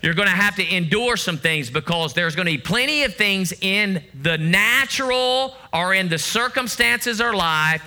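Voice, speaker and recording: A man's voice: high-pitched, moderate pace, hardly any pauses, bright, forceful tone. A man preaching a sermon, emphatic and fond of repeating phrases, sometimes acting out voices. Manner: acts out voices of God and of begging believers.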